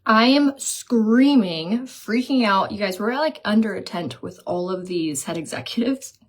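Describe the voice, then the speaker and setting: A woman's voice: mid-range voice, expressive, a little slow. A woman chatting casually during a live makeup stream, reading viewer comments aloud and telling stories. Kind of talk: casual live chat while doing makeup.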